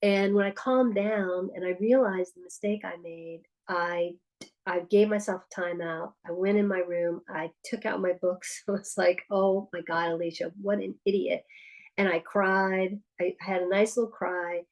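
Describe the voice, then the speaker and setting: A woman's voice: lowish voice, steady tone, measured pace, rough recording. Candid woman giving a parenting talk. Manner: candid and personal, frequent restarts. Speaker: parenting workshop presenter. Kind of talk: conversational presentation.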